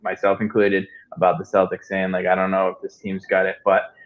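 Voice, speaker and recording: A man's voice: sits low, completely flat delivery, fairly quick. A man hosting a casual sports chat, easygoing and hesitant, often trailing off. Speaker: show host. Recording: dull lo-fi audio.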